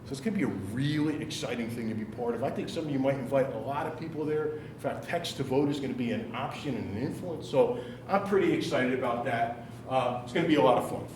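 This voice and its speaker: A man leading a classroom workshop, running an upbeat, brisk roll call of teams. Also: mid-range voice, noisy background. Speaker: workshop leader. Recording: echoey room from far off.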